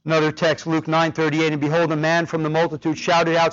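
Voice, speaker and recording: A man preaching a sermon with passion, his voice rising to loud cries on key words. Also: a little high, monotone, fairly quick, hardly any pauses. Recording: dull lo-fi sound.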